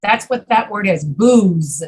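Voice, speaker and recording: Slow, husky woman teaching pronunciation. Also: fairly high pitch, expressive, poor audio. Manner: patient, demonstrates sounds by repeating words slowly. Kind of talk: online pronunciation lesson.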